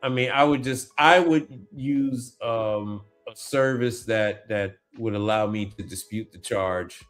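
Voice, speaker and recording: A man with a mid-range voice hosts a casual livestream, talking in a loose, slangy way. He exclaims and repeats himself as he reacts to things in front of him. Soft music runs faintly underneath. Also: medium pitch, slow, few pauses. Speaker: appliance repair tech livestream host. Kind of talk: casual livestream chat while browsing online.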